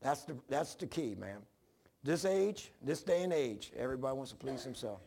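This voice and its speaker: A man's voice: medium pitch, lively intonation, moderate pace, gravelly, a little mellow. A man preaching an informal sermon, rambling through personal stories with frequent restarts and self-deprecating humor.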